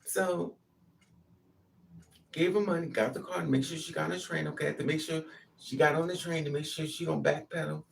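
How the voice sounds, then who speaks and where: A woman talks through a personal story in a loose, animated monologue, slipping into the voices of the people in it. Her voice has a gravelly edge. She sits a little back from the mic, with faint noise underneath. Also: low voice, normal speed, distant mic. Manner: animated, acts out quotes.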